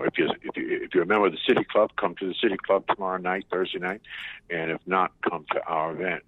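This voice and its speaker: A man calling in as a guest on a talk show, speaking haltingly with many repeated starts and fillers. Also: rumbling low, breathy edge, dry recording. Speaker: phone-in guest. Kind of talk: casual talk-show chat. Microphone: phone call. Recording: narrow phone line, dry and muffled.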